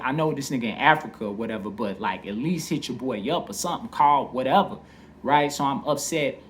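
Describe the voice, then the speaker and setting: A man's voice: medium pitch, fairly quick, slight background noise. A man casually telling a personal story, candid and profane, full of "you know what I mean.".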